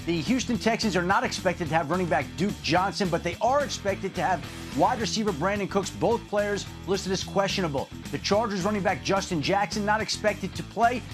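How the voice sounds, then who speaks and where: A man delivering a rapid sports news briefing as a league reporter, in a brisk, clipped way. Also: high voice, over music. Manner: brisk, clipped list of updates.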